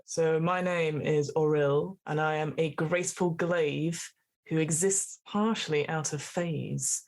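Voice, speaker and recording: A woman's voice: deep voice, fairly even intonation, takes it slowly, a little mellow. A woman, the podcast's host, describing her character in a rambling, bubbly way while playing a tabletop game. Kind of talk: casual chat at a game table.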